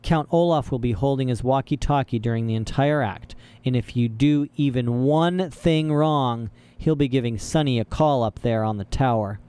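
A man voicing a menacing bald henchman in an audiobook, talking in a slow, threatening way. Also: medium pitch, dark tone, clear, resonant tone, close to an everyday voice.

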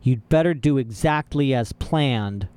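A man doing a slow, menacing henchman. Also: mid-range voice, expressive, a little mellow, clean tone, natural voice. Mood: threatening. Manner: slow and threatening.

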